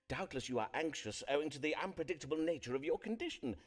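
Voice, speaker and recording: A pompous Elizabethan astrologer from a period game, wordy and evasive, hedging with little fillers. His pitch rises and falls a lot, and his old-fashioned phrasing sounds formal and stiff. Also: animated, a little fast. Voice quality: archaic formal diction, hesitant fillers. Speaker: Elizabethan astrologer physician Foreman.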